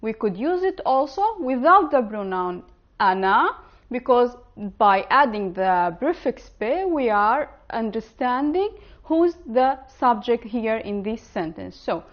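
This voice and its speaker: A woman teaching an online language lesson, slowly and carefully pronouncing the example words. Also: fairly high pitch, big pitch swings, dull audio.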